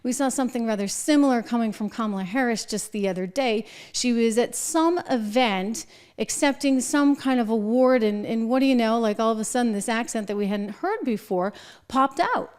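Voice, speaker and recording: Middle-aged woman host; opinionated political commentary, sarcastic and animated, slightly high voice. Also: moderate pace, smooth. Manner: sarcastic, animated, mocking asides.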